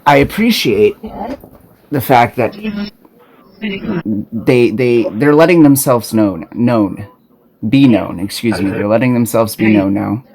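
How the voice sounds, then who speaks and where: A man records an impassioned spiritual warning monologue on his smartphone, his voice sitting in a middle pitch. He talks with urgency and profanity, often restarting his sentences and repeating words as he presses his point. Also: slow, pauses often, darkish tone. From Arizona. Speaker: self-made video preacher.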